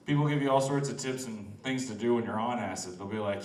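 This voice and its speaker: A man's voice: mid-range voice, animated, a little fast, hardly any pauses, a little mellow, echoey room, recorded from a distance, slight background noise. A man doing a loose, laughing stand-up set outdoors, teasing the crowd. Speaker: stand-up comedian. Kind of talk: open-mic stand-up set. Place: outdoors in front of a restaurant.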